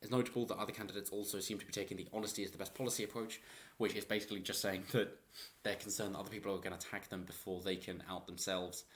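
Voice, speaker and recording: A man's voice: deep voice, level tone, racing, few pauses, a bit bright. A man giving rambling, opinionated political commentary in a vlog and chuckling often.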